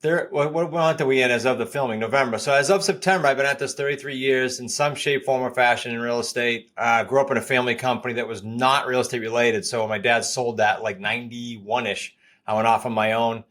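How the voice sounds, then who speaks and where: A middle-aged man guests on a podcast. He talks briskly and directly in a mid-range voice. His delivery is matter-of-fact. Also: mid-range voice, fairly even intonation, fairly bright tone. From Boston area, New England. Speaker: guest, real estate coach. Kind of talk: podcast interview.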